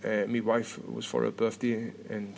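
A man's voice: on the low side, level tone, normal speed, creaky, slight background noise. A British man in his thirties hosting a podcast, chatting casually and rambling with lots of restarts and repeated words. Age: 30s. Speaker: podcast host.

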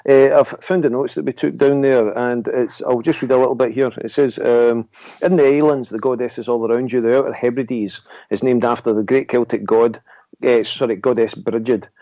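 A man recounts a trip on a casual podcast, his speech halting and rambling with small chuckles. His voice is mellow and dark, recorded dry and close on dull, lo-fi audio. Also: medium pitch, fairly even intonation, no room sound. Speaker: paranormal investigator co-host.

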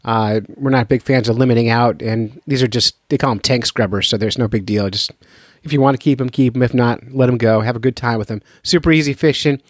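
A man's voice: mid-range voice, brisk, no echo, clean studio sound. A man hosting a fishing podcast in a loose, jokey, rambling way. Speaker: podcast host. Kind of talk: casual podcast talk.

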